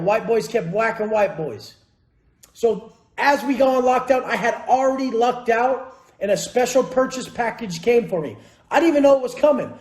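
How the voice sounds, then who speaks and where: A man's voice: very high voice, a little mellow. A young man telling a blunt, profane, motivational story in casual vlog talk. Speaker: vlogger. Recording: echoey room.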